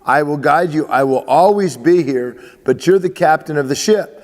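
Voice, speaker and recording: A man's voice: fairly high pitch, normal speed, darkish tone, big-room sound. A man, a baseball coach, giving emphatic advice to athletes, often repeating himself and restarting phrases.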